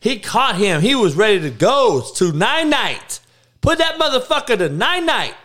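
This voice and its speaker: A man's voice: very high-pitched, big pitch swings, measured pace, bright, forceful tone. A man hosting his own podcast, ranting in a blunt, heated way with lots of swearing, rambling and restarting his sentences. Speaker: podcast host. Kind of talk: solo podcast rant.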